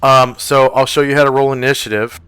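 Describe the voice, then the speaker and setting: A man running a tabletop game as game master, narrating the scene and explaining rules in a casual, halting way full of fillers. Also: mid-range voice, level tone, a bit bright, clean tone, no room sound, faint music behind.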